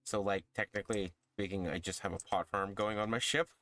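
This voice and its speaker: A man's voice: lowish voice, steady tone, fairly quick, fairly bright tone. A man talking casually and wryly about his game as he plays with a friend. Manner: wry, commenting on his play. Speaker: co-player. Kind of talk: casual gaming chat.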